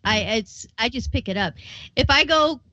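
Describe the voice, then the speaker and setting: A woman hosting a casual interview show, chatty and quick to laugh, often restarting her sentences. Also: on the high side, animated, bright, forceful tone, no echo, dull audio. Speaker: show host.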